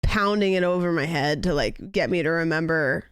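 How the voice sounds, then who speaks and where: Smooth-voiced young woman streamer rambling. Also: deep voice, moderate pace, no echo, studio quality. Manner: rambling and musing, heavy on "like". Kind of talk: casual livestream chat.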